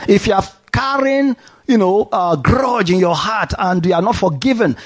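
High-voiced preacher, animated delivery. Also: male voice, moderate pace. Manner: animated preaching with call-and-response. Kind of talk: sermon.

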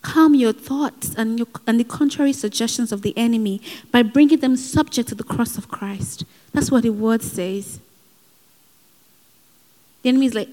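A woman's voice: on the high side, moderate pace, a little mellow. A woman preaching a sermon in an earnest, exhorting way, with personal asides. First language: not given. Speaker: speaker at a Christian gathering. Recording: hall with long reverb.

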